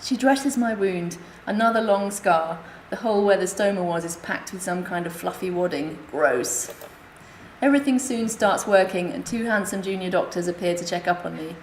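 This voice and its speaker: Wry deadpan woman in echoey room. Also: fairly low pitch, normal speed. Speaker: conference speaker. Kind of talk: reading a comic illustrated memoir aloud. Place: hospital conference room. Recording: echoey lecture room, faint hiss.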